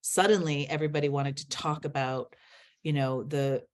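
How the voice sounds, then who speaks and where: A woman's voice: a bass voice, flat delivery, normal speed. A middle-aged woman, a guest, speaking earnestly in a candid interview and laughing as she tells stories.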